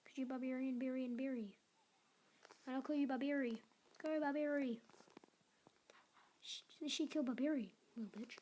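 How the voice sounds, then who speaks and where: A woman's voice: high-pitched, steady tone, moderate pace, long pauses, mellow, a little hiss or hum. A woman hosting a casual mobile gameplay video, chatting and often dropping into muttered whispers as she cheers on and scolds her game units. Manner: chatty, drops into muttered whispers while playing. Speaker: gaming channel host.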